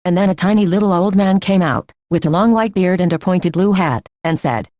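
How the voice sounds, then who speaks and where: Low-voiced woman reading a story. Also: a little fast, a little mellow, no room sound. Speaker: audiobook reader. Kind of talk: scripted story narration.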